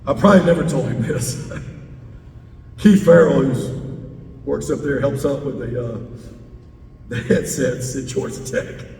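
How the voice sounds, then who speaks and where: A man's voice: measured pace, creaky, pauses often, darkish tone. A man, a head football coach speaking to a club and taking audience questions, stressing points by repeating words. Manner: emphatic, repeats key words. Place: large meeting hall indoors. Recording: roomy hall, distant mic, faint rumble.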